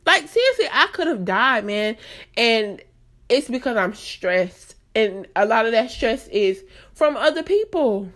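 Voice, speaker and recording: A woman's voice: on the high side, animated, takes it slowly. A woman in her late twenties hosting a solo podcast, talking candidly and earnestly straight to her listeners in a chatty, emphatic way. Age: late 20s. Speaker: podcast host.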